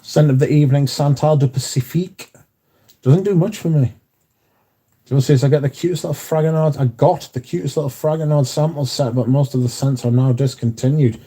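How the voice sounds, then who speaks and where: A man's voice: a little high, steady tone, brisk, warm tone, breathy edge. A man hosting a casual livestream, chatting and reading out viewer comments, swearing freely. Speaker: livestream host reading chat. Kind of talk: casual chat.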